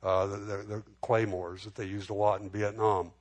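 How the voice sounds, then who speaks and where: Man preaching in a casual, halting way. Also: lowish voice, level tone. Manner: conversational preaching with many restarts and repeated words. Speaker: pastor. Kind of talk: sermon.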